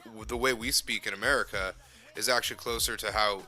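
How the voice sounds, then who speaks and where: A man's voice: on the low side, steady tone, fairly quick, bright, forceful tone, faint music behind. A man joking around in casual podcast banter, laughing often. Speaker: podcast co-host.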